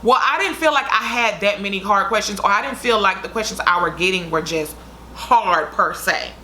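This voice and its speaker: A young woman vlogger tells her viewers a story in a casual storytime vlog, chatty and dramatic. Her voice is mid-range and bright with a forceful tone at a moderate pace, and there's slight background noise.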